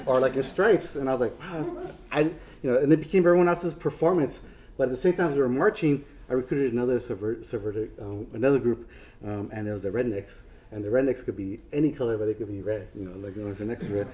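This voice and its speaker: A man talks casually to an audience about his work, circling back with plenty of ums and restarts. His voice is mellow and warm, with a faint hiss of noise behind him in the lecture room. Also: medium pitch. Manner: rambling, self-deprecating, lots of fillers and restarts. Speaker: artist giving a talk.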